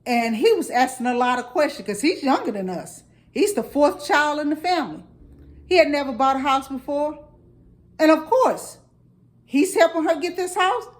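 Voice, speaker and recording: High-voiced St. woman telling family stories. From St. Louis, USA. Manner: animated, acts out quotes. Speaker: storyteller. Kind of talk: casual storytelling.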